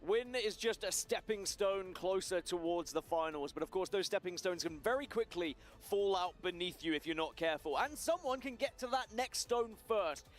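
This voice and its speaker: A man's voice: high voice, lively intonation, faint music behind. Analytical male esports commentator. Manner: measured, analytical.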